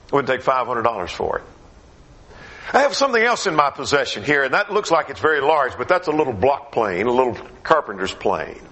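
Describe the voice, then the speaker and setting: A man preaching a gospel meeting sermon in a conversational way, his questions rising and his phrases dropping low at the end. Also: very animated, fairly quick, sharp tone.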